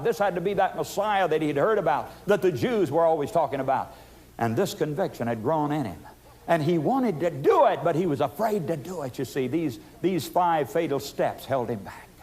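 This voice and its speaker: A man delivers a sermon in a fairly high voice. He pleads with his listeners and repeats his questions, climbing to loud, urgent appeals and then sinking to slow, hushed emphasis. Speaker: pastor.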